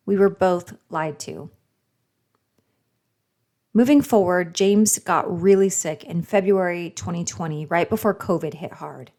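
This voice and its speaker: A woman's voice: mid-range voice, a little mellow. A woman narrating a personal story in first person, quoting the dialogue plainly. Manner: plain retelling with quoted dialogue.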